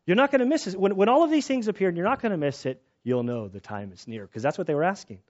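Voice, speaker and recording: A man's voice: high voice, quick pace. Chatty pastor man, lo-fi sound. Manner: conversational, personal stories, animated when excited. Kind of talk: sermon.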